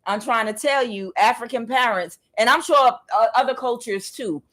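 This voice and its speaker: A woman tarot reader with a fairly high voice and moderate pace tells her viewers a personal story directly. She's frank, profane, casual and animated, laughing often and slipping into the voices of the people she describes.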